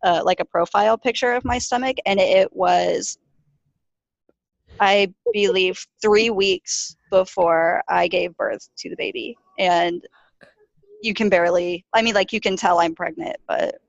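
Woman podcast co-host; blunt, chatty banter; mid-pitched, dry, close sound. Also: measured pace, gravelly, no room sound, muffled recording.

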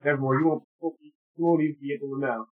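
A man's voice: mid-range voice, steady tone, very fast. A young man from New Jersey co-hosting a casual podcast chat, joking, swearing freely and laughing often. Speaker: podcast co-host. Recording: dull lo-fi call audio.

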